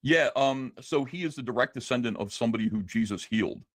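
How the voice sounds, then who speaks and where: A man co-hosting a livestream, reading donation messages in a quick, offhand way. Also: medium pitch, no room sound, clean studio sound. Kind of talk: casual livestream chat.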